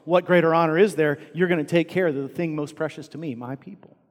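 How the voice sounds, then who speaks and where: A man voicing a gentle, merciful male teacher in a hushed, tender way within a sermon. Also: on the high side, fairly even intonation, fast talker, long reverb tail, close to an everyday voice.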